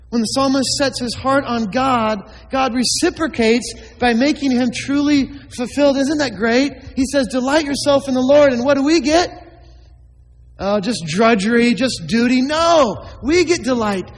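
A man's voice: extremely high pitch, big-room sound, poor audio. A man preaching a sermon as a pastor, stressing and stretching key words for emphasis.

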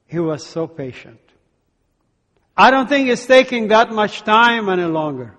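A man giving a testimony as a sermon, telling his story and acting out the dialogue with lively energy. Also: sits high, takes it slowly, pauses often. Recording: long hall reverb.

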